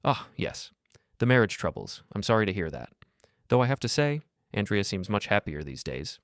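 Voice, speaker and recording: Brief: suave threatening crook, condescending, low voice, read by a man. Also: very animated, normal speed, no echo, studio quality. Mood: smooth menace. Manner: smooth, condescending, quietly threatening. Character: smooth, menacing small-time male club owner.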